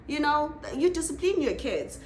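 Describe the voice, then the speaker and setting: High-voiced, animated South African woman. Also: moderate pace, slight background noise. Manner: animated, laughs often, exclaims. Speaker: TV reviewer. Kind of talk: casual review vlog.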